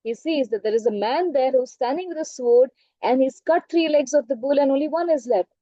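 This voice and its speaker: A woman's voice: high voice, brisk, mellow, no echo, lo-fi sound. A woman teacher with an Indian English accent telling a story to an online class and often checking in with questions. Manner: interactive, asks the class questions. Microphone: online class audio.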